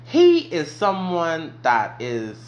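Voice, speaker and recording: Animated young man telling stories. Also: fairly high pitch, takes it slowly. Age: young adult. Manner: profane, animated storytelling. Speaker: vlogger. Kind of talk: casual story time.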